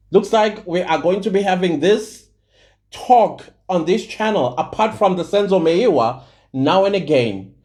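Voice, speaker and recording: A man's voice: a little high, dark tone. A South African man hosting his own channel, giving heated, preachy commentary to camera and repeating points for emphasis. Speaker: channel host.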